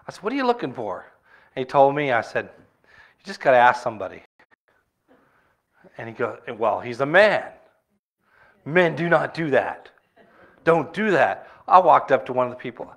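A man's voice: medium pitch, fairly bright tone. Middle-aged male pastor, medium voice, folksy sermon delivery with stories and questions to the room. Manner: conversational storytelling with rhetorical questions.

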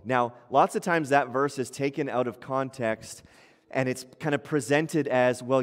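Conversational man preaching in a reverberant hall. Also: mid-range voice. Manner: conversational preaching with acted-out quotes. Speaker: pastor. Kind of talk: sermon. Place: church hall. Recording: long church hall reverb.

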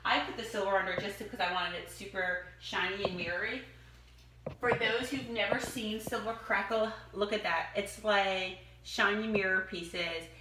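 A woman chatting enthusiastically as she shows off home decor products one by one. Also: medium pitch. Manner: enthusiastic, chatty, gushing over items. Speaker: product demonstrator. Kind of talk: casual product showcase. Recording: echoey room, distant mic, noisy.

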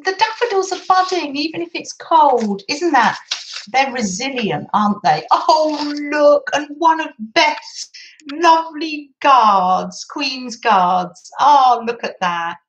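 A woman's voice: sits high, animated, slow, muffled recording. A woman chatting through a craft session at her desk, gushing over papers and cooing about how lovely everything is. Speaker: craft vlogger. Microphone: camera on desk.

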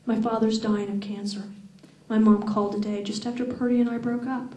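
A woman's voice: a little high, flat delivery, a little fast, mellow, close to an everyday voice. A woman reading aloud as a troubled young man who pleads in a subdued way. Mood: flat. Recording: echoey room, far from mic.

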